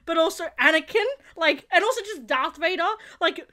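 A woman hosting her own channel, giving excited reaction commentary on a TV episode; she gasps and shouts often and keeps apologizing. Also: very high-pitched, brisk.

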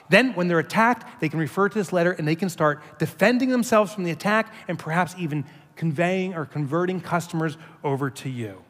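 A man with a fairly high voice delivers a keynote, spinning animated, joking stories for the crowd. His voice carries the long reverb of a large conference hall. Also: fairly quick, hardly any pauses. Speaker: keynote speaker. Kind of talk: keynote speech.

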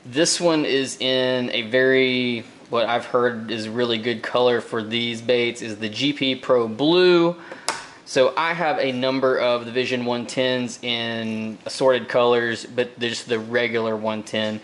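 A man at a middle pitch talks casually through an unboxing. He rambles along with plenty of fillers and repeated words, relaxed and unhurried. A faint noise sits behind him. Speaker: fishing vlogger. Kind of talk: casual tackle unboxing talk.

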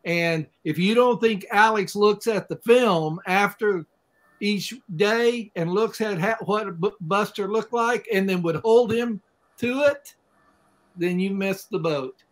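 Slow-talking high-voiced man from Oklahoma. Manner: unhurried, folksy imagery. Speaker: guest expert. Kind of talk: casual chat.

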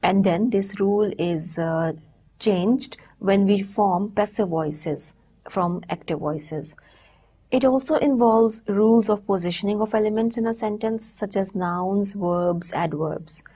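A woman with a medium-pitched, mellow voice and a breathy edge delivers a recorded university lecture. She explains things step by step in a measured manner, pausing frequently.

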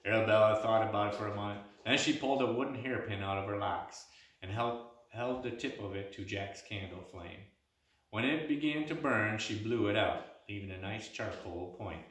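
A man reads a story aloud in a plain, unhurried way, with a few stumbles and restarts. The recording rings in a very echoey room with the mic placed well back. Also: lowish voice, fairly bright tone, far from the mic. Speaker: reader.

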